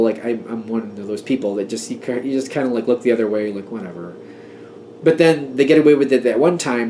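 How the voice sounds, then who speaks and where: A man in the middle of a relaxed tarot reading, talking freely. He grows emphatic and worked up about his point, then laughs it off. His voice sits at an ordinary pitch over a faint background hiss. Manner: chatty, emphatic, gets worked up and laughs at himself. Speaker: tarot reader. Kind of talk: casual tarot reading monologue.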